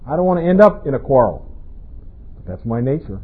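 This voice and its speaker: A man's voice: mid-range voice, big pitch swings, fairly quick, husky. A pastor preaching a sermon in a conversational way, often asking his congregation rhetorical questions. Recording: tinny, phone-like band-limited sound.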